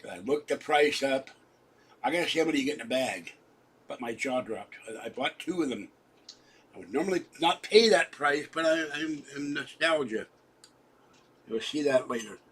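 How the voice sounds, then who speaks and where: A man's voice: mid-range voice, animated, moderate pace, a bit bright, breathy edge, rough recording. A man in his sixties hosting a livestream, chatting to viewers in a rambling way with frequent restarts. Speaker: livestream host. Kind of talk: rambling live-stream chat.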